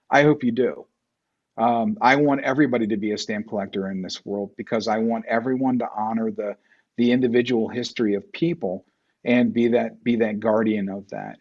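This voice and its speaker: A man hosting a livestreamed panel conversation, talking earnestly and conversationally, with some halting restarts. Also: lowish voice, darkish tone, muffled recording. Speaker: host. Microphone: video call.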